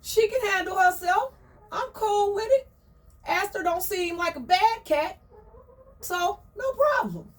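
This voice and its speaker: A woman voices a young, naive hen in a storybook tale. The voice jumps up high and sounds breathy on its exclamations. It is recorded a little way from the mic. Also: expressive, unhurried, distant mic. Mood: excited.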